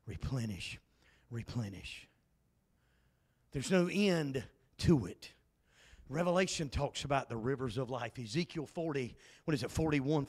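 A man's voice: medium pitch, creaky, darkish tone, husky. A male pastor, preaching a fervent, folksy Pentecostal sermon full of repetition. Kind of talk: Pentecostal sermon at a Bible study.

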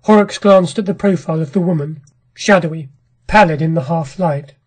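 A woman reading a classic short story aloud in a measured, dramatic narration. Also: fairly low pitch, darkish tone, slightly rough.

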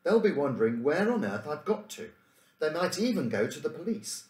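An earnest young boy hero with a worried edge, as a man reads him out. The voice is animated, and it rings a little in a roomy space. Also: a little high, moderate pace, voice pushed up. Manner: earnest, slightly anxious. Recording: roomy room echo.

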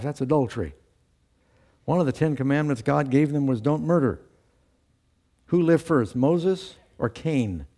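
A man's voice: medium pitch, warm tone. A man teaching a Bible study lesson to a class, reading scripture aloud with lifted emphasis and posing questions that he then answers himself.

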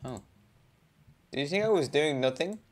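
Lively young gamer reading a visual novel. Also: mid-range voice, moderate pace. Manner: chatty, laughs often, swears under breath. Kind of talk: casual let's-play with read-aloud game text.

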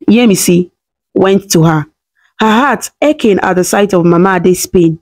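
A woman reading a scripted story in a steady, dramatic way. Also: mid-range voice, unhurried.

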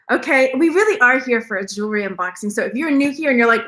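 Bright high-voiced chatty woman host. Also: lively intonation, fast, hardly any pauses. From Texas. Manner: rambling, chatty, laughs often. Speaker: jewelry reseller, channel host. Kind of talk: live-stream chat with viewers.

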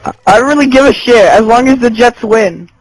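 A man's voice: very high voice, brisk, rough recording. A young man chatting with friends during an online game, cracking crude, rowdy jokes. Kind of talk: casual multiplayer game chat.

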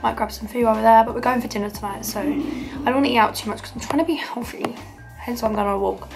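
A woman's voice: on the high side, steady tone, fast talker, creaky, over music. A young woman with an English accent, chatting in a bubbly, rambling way as she vlogs a holiday. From England. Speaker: vlogger. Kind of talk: casual vlog chat.

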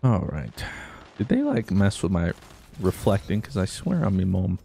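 A young man giving jokey, excitable commentary over his own gameplay, breaking into sudden loud outbursts. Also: sits low, normal speed, gravelly, slightly rough. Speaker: gaming YouTuber.

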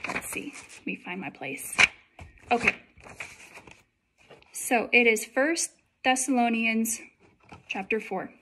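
A young woman with a somewhat high voice recounts a dream in a loose, chatty way. She fills her talk with likes and ums as she goes. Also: slow pace, long pauses, fairly bright tone, slight background noise. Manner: chatty, many likes and fillers. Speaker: vlogger telling a dream. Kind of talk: casual testimony.

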